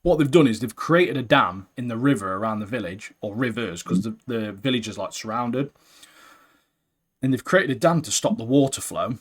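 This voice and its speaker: A man co-hosting a laid-back anime podcast. He talks with lively, joking energy and drops "mate" into nearly every sentence. His voice sits at an ordinary middle pitch. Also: normal speed. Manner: animated, banter-heavy, says "mate" constantly. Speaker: podcast co-host. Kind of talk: casual anime chat.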